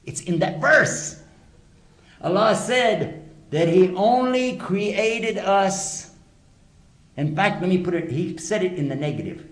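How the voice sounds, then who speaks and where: A man's voice: high-pitched, expressive, takes it slowly. A man giving a religious lecture to a live audience, emphatic and full of rhetorical questions. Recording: echoey lecture hall.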